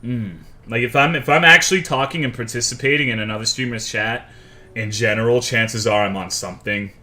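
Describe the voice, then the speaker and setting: A young man streams a game in a brisk, bright, forceful voice of medium pitch. Reading chat aloud as he goes, he swears a lot and keeps the talk with viewers loose and jokey.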